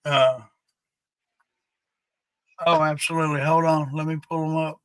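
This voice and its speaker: Male stream host, unhurried and profane, bright higher-pitched voice, loose rambling delivery. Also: flat delivery, clear, resonant tone, dry recording. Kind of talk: casual live stream chat.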